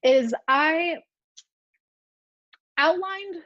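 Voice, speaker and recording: A woman's voice: very high voice, drawn-out words, no room sound, muffled recording. A young woman coach giving a casual live-streamed talk, full of "like" and asides to viewer comments. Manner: casual, filler-heavy, reacts to live comments. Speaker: food freedom coach. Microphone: earbuds.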